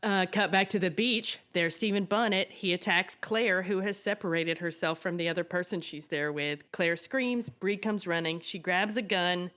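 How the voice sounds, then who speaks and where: A woman's voice: lowish voice, moderate pace, few pauses, a bit bright. A woman co-hosting a podcast, recapping events in a plain, matter-of-fact casual chat. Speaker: podcast co-host.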